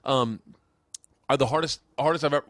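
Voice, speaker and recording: A man's voice: mid-range voice, fairly quick, dry recording. A man hosting a podcast, telling rambling stories in a casual chat, swearing freely and laughing as he talks. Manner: animated, profane, laughs while telling stories. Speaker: podcast host.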